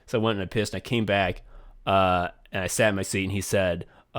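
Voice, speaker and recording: A man co-hosting a comedy podcast, talking in a sarcastic, profane way with loud mocking bursts. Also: on the low side, fast. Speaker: podcast co-host. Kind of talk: casual comedic chat.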